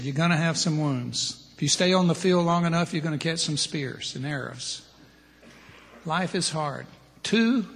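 A man's voice: on the high side, in a large hall. A middle-aged man preaching a plain-spoken sermon to men, listing his points one by one. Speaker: preacher at a men's ministry.

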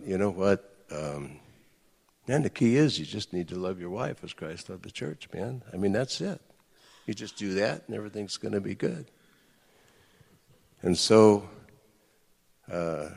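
A middle-aged man telling personal stories in an earnest, conversational sermon to a group of men, with lively outbursts. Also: sits low, gravelly. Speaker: speaker addressing men. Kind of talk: sermon-style personal storytelling. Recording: echoey hall with long reverb.

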